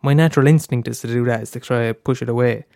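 A man's voice: mid-range voice, fairly even intonation, quick pace, gravelly, a little mellow, no room sound, studio quality. Irish young man, candid and sweary. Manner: candid, swears a lot, stammering restarts. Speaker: podcast host. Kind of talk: casual solo podcast talk.

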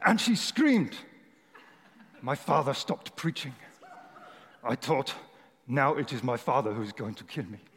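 A man's voice: mid-range voice, very animated, unhurried, long pauses, a bit bright. A man imitating an elderly German preacher with a German accent, dramatically recounting a story. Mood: dramatic recounting. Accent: German, put on. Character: elderly German male preacher recounting his boyhood calling. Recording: echoey hall.

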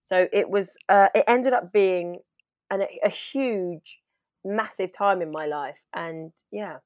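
A woman actor chatting in an interview, telling lively stories and acting out what she said back then. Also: medium pitch, slow, dry recording. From half Trinidadian. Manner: animated storytelling, acts out her own past lines. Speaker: actor guest. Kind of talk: casual interview chat.

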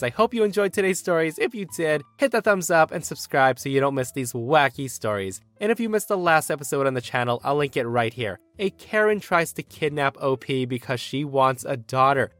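A man hosting a story channel, narrating a scripted story in a lively, expressive way. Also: mid-range voice, dry recording.

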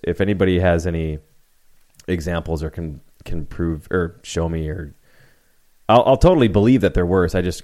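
A man with a very low voice chats casually as a podcast co-host. He thinks out loud, circling back and softening his own claims. His tone stays easygoing and conversational. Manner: musing, self-correcting, hedging. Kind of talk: casual sports chat.

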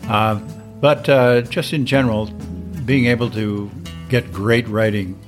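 A man answering an interview question in an easygoing, slightly halting way. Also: medium pitch, fairly even intonation, music in the background. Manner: easygoing, a little halting with fillers. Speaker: guest performer.

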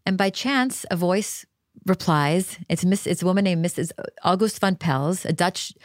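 A woman's voice: fairly low pitch, normal speed, no room sound, clean studio sound. A woman guest on a podcast, retelling a story vividly with many "you know" fillers.

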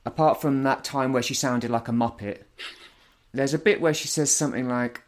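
A man's voice: mid-range voice, fairly even intonation, normal speed. A man in casual conversation, talking bluntly and firmly about what he dislikes. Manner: blunt, opinionated, argumentative. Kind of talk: casual chat.

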